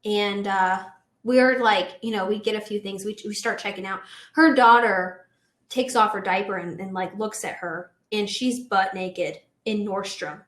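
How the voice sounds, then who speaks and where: A woman in her twenties telling a story in a casual chat, animated and full of "like"s and laughs. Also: medium pitch, a little slow, echoey room. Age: 20s. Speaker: guest, host's daughter.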